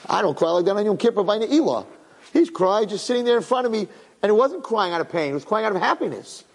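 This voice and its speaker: A man's voice: high voice, lively intonation, fast. A man telling an inspirational story to an audience, emotional and repeating words for emphasis. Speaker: religious speaker. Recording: long hall reverb.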